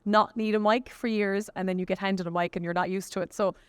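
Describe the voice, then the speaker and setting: Fast-talking Kerry woman. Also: medium pitch, steady tone, clear, resonant tone, dry recording. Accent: Kerry Irish. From Killarney, County Kerry, Ireland. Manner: quick, chatty, laughs often, many restarts. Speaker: guest singer. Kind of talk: casual interview chat.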